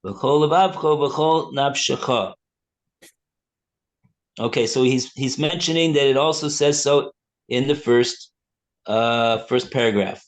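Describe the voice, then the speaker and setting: A male rabbi teaching a text class. He reads passages aloud and translates them in a halting way, with many fillers and restarts. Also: mid-range voice. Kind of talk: slow text study, reading and translating.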